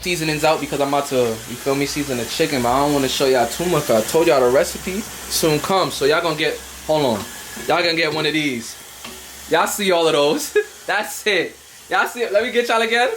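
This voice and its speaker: A young man cooking in his home kitchen and talking to viewers, quick and slangy, often asking "you feel me". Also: fairly high pitch, a bit bright, a little hiss or hum. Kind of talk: casual cooking vlog.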